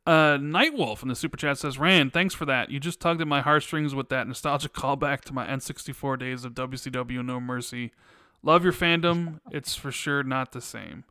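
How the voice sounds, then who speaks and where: A man's voice: medium pitch, normal speed, bright, forceful tone, clear, resonant tone, no room sound, clean studio sound. A man hosting a gaming podcast, asking questions in a hesitant, casual way. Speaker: podcast host. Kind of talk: casual chat.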